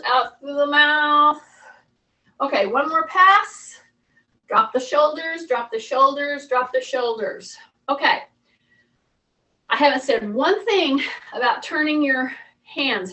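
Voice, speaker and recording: A woman's voice: high voice, pushed and bright, far from the mic, low-quality recording. A woman fitness instructor talking viewers through a workout, chatty and coaching, repeating her cues.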